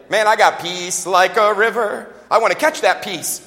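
A man preaching a sermon as a pastor, talking fast and joking in a conversational way, recorded with long hall reverb in a church. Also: high voice, fairly even intonation, pushed and bright. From United States.

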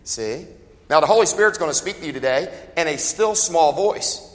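A middle-aged male pastor preaching a sermon, animated, with jokes, asides and voices he quotes. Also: fairly high pitch, moderate pace, long reverb tail. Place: church.

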